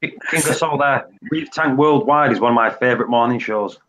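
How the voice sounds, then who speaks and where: A man's voice: mid-range voice, normal speed, a bit bright, a little hiss or hum. A man hosting a live stream, chatting casually and rambling through stories. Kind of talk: casual chat. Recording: dull lo-fi stream audio.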